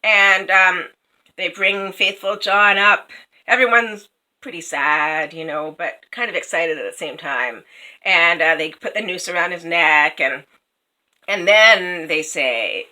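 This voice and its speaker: A woman's voice: fairly low pitch, takes it slowly, bright, forceful tone, poor audio. A woman casually retelling a fairy tale, chatty, with many fillers and asides. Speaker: storyteller.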